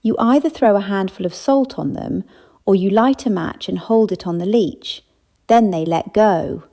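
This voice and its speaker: A tough, plain-spoken old lady with a gravelly edge, scolding and blunt in her manner, as a woman reads her in an audiobook. Her tone is low and mellow, raised a little above the narration. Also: moderate pace, close to an everyday voice. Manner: brusque, forthright, scolding. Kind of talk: audiobook character voice.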